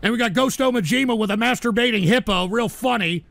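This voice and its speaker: A man's voice: very high-pitched, fast, creaky, hardly any pauses, a bit bright, no echo. A man hosting a livestream show, reading viewer donations and ranting at trolls with irritable, profane outbursts. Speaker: host.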